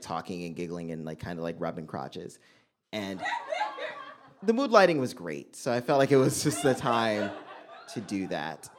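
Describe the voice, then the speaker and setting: A young man telling a stand-up story on a club stage, swinging between loud punchlines and muttered asides. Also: medium pitch, noisy background. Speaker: stand-up comedian.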